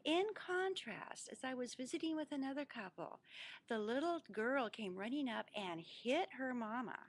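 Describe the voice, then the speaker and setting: A woman's voice: high-pitched, expressive, moderate pace. Earnest woman giving parenting advice. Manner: earnest, instructive, emphatic. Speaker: parenting coach. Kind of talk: direct-to-camera advice talk.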